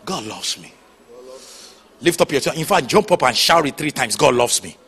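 Male pastor, lively swinging pitch, slightly high voice, light background noise, dramatic storyteller. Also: normal speed, vocal fry. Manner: animated storytelling with sudden shouts and hushed asides. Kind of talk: sermon.

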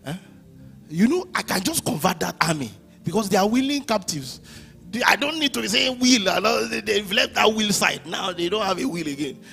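A man preaching a sermon as pastor, swinging from hushed lines to shouted ones. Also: high voice, lively intonation, normal speed, creaky, soft background music.

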